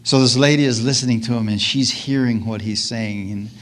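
A preacher with a medium-pitched voice speaks fairly quickly to his congregation. Often exclaiming hallelujah and amen, he laughs, asks listeners questions in call-and-response asides, and acts out scripture scenes with lively voices.

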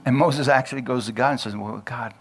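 A man's voice: medium pitch, steady tone, quick pace, a little hiss or hum. A man preaching a sermon, folksy and chatty, laughing often and acting out Bible figures in a homely voice. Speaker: pastor.

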